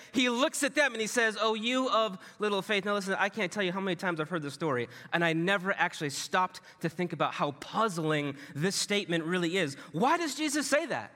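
A man preaching a sermon in a loose, conversational way, often dropping his voice low and soft for emphasis. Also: long reverb tail. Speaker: pastor.

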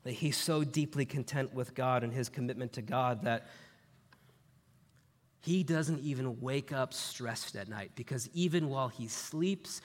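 A man's voice: mid-range voice, a little slow, big-room sound. A man preaching a sermon in a conversational way, telling personal stories and asking the congregation rhetorical questions. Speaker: pastor.

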